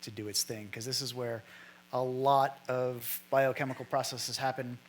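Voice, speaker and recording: A man's voice: medium pitch, little pitch movement, moderate pace, low-quality recording. A man who works as a brewer, explaining steps in casual talk with jokey asides. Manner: jokey asides, laughs easily.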